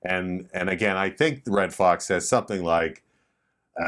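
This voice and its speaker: A man's voice: deep voice, normal speed, fairly bright tone. A man hosting a casual podcast who rambles through an anecdote, using many fillers and humming tunes. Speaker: podcast host. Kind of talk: casual chat.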